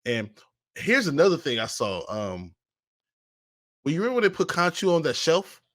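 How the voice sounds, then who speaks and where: A man co-hosting a podcast, chatting casually about a TV episode, often pausing to search for words. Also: fairly high pitch, wildly swooping pitch, a bit bright, dry recording, studio quality. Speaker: podcast co-host. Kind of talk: casual recap chat.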